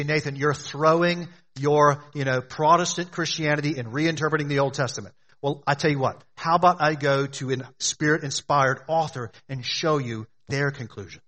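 A man's voice: sits high, pushed and bright. A man preaching a sermon to a congregation, emphatic, often asking questions and answering them. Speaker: pastor.

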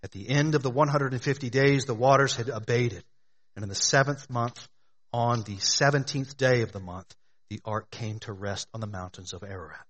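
A man's voice: medium pitch, moderate pace, a bit bright. A man preaching a sermon to a congregation, emphatic, often asking questions and answering them. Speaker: pastor.

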